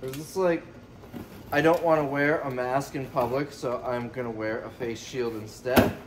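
A man's voice: medium pitch, fairly even intonation, normal speed, slight background noise. A man giving casual, joking commentary while unboxing items for resale, thinking aloud as he goes. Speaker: reseller vlogger.

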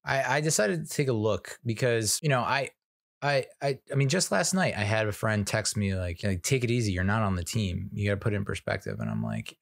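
Man, 40s, podcast host, low voice, casual sports talk, wry, lots of fillers. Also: expressive, vocal fry, no echo, clean studio sound. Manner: halting, filler-heavy, wry. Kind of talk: casual commentary.

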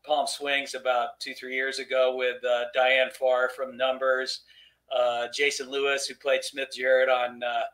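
A man's voice: medium pitch, little pitch movement, measured pace, a bit bright. A man, a screenwriter guest on a video call, talking in a friendly, easygoing way with hesitant fillers. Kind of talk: casual interview chat.

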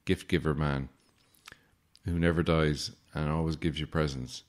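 In a rumbling low voice with a steady tone and measured pace, a male podcast host in his late twenties or thirties tells casual stories. The monologue is wry and sarcastic, dotted with mock-formal asides.

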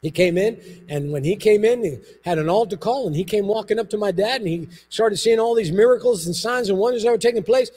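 A man, a pastor, preaching a sermon in a church, telling stories with lively emphasis and repeated phrases. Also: high voice, fairly quick, few pauses, slight background noise. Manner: animated storytelling with emphatic repetition.

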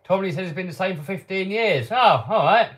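A man with a voice on the higher side runs a relaxed live Q&A from his home workshop. He reads viewer questions aloud and answers offhand, now and then chuckling to himself. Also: fairly quick. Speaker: channel host answering live chat. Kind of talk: casual live-stream Q&A.

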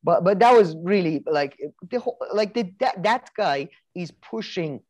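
A man's voice: high-pitched, animated, normal speed, a little mellow, lo-fi sound. Rambling man chatting on a podcast. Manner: rambling, many restarts and filler words, swears. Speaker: podcast co-host. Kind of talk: casual chat.

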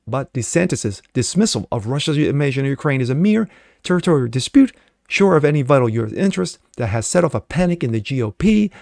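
A man's voice: medium pitch, creaky, a little mellow, dry recording, clean studio sound. A man reading political news articles aloud and breaking in with mocking, sarcastic asides. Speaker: political commentary host.

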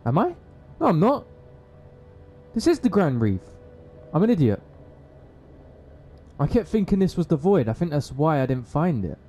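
Brief: young streamer, excitable, swears a lot, voice slightly high, music faint underneath. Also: male voice, normal speed, pauses often. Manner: excitable, swearing, talks to the game. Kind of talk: live gameplay commentary.

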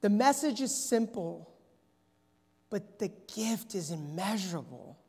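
A man's voice: high-pitched, animated, slow pace, darkish tone, husky. A man preaching a sermon in a church, earnest and storytelling, with frequent restarts. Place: church sanctuary. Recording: echoey church hall.

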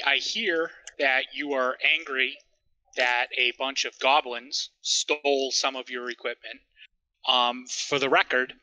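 A man's voice: mid-range voice, sharp tone, poor audio. A man speaking as a player in a tabletop game, formal and negotiating in character.

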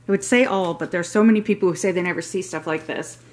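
A woman's voice: lowish voice, fast talker. Chatty gushing woman vlogger. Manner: chatty and gushing, rambling asides. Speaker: haul vlogger. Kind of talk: casual show-and-tell vlog.

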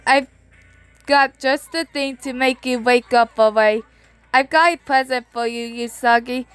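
A woman's voice: high-pitched, steady tone, unhurried, a bit bright, clean tone, no echo. A woman voicing a bossy, earnest talking cat mentor who gives firm instructions, with faint music behind. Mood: instructive.

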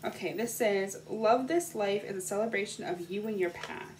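A young woman chatting casually as she unboxes gifts at home on the floor, gushing and excitable. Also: medium pitch, normal speed, a little hiss or hum, low-quality recording. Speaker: vlogger. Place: indoors at home, sitting on the floor.

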